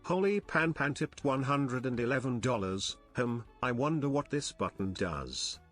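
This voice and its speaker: Super low robot tts voice reading donation alerts, flat, loud music under it. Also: female voice, measured pace. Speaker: text-to-speech donation alert.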